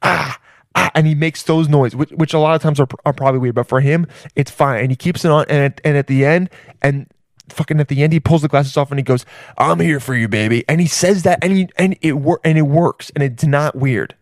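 A man's voice: fairly high pitch, steady tone, a little fast, darkish tone, no echo, studio quality. A man riffing in a crude comedic ramble, full of restarts and swearing.

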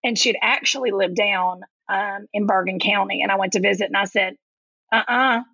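A woman's voice: medium pitch, steady tone, brisk, vocal fry, pushed and bright, slightly rough, no echo, dull audio. A woman from Kentucky with a Southern accent, chatting animatedly as a podcast guest and calling people honey. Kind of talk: casual chat.

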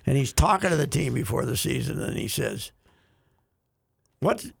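A man's voice: medium pitch, expressive, fairly quick, vocal fry, husky. A man co-hosting casual sports radio chat, rambling with restarts and frequent laughs.

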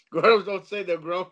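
A man chatting casually, telling an animated story full of swearing and acted-out voices. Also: high voice. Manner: animated storyteller, swears freely, acts out others. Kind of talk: casual chat. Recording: slightly dull lo-fi sound.

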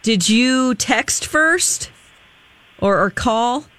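A woman's voice: a little high, expressive, extremely slow, a bit bright, no room sound. A woman co-hosting a morning radio show, asking upbeat questions in casual banter. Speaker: radio show co-host and producer.

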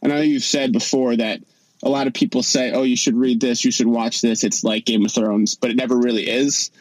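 A man's voice: medium pitch, steady tone, fairly quick, a little mellow, no echo, low-quality recording. A man leaving a recorded question for a podcast, earnest and a little meandering. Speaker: listener caller. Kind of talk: recorded voice message.

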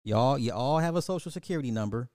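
A man's voice: mid-range voice, lively intonation, fast talker, a little mellow, no room sound. Profane ranting man, dry podcast. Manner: profane, mocking, scolding the listeners. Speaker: podcast host. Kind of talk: ranting social commentary.

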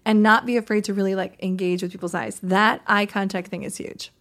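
A woman's voice: medium pitch, fairly quick. A woman co-hosting a podcast as a confidence coach, chatting casually and acting out examples as she teaches. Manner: animated, demonstrates voices while teaching.

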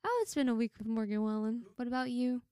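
A young woman co-hosts a casual podcast. She talks in a rambling, chatty way full of fillers. Her voice is smooth and very clear and sits a little high, with a dry, close sound. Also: quick pace, dark tone, dry recording. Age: young adult. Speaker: podcast co-host. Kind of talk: casual chat.

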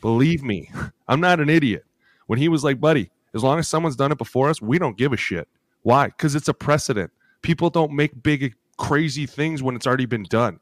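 A man in his thirties co-hosting a sports podcast, telling animated locker-room stories full of acted quotes and cursing. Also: mid-range voice, no room sound, clean studio sound. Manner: animated storytelling with acted quotes, swears freely. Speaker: podcast co-host, former NFL lineman. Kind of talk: casual chat.

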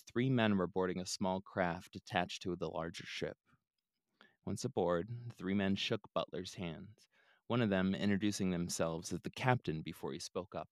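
A man's voice: sits low, no echo. A man hosting a podcast, retelling a story in a casual, laid-back way with joking asides. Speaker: podcast host.

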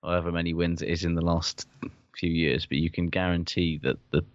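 Brief: low-voiced blunt co-host, swears freely, dry muffled lo-fi recording. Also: male voice, level tone, brisk, dry recording. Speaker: podcast co-host. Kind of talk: casual chat about rugby. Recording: dull, dry lo-fi sound.

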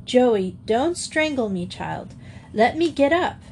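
A woman reading the part of a young woman teacher who has just fainted, speaking calmly and gently firm in a storybook. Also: fairly high pitch, takes it slowly, a little hiss or hum, voice pushed up, heavily acted. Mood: shaky. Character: young woman teacher, shaken but composed.

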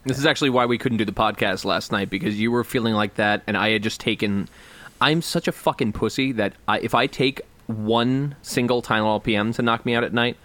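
A man's voice: fairly low pitch, fairly quick, fairly bright tone, no room sound. A young man co-hosting a podcast, chatting casually and joking in a rambling, profane way. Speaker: podcast co-host.

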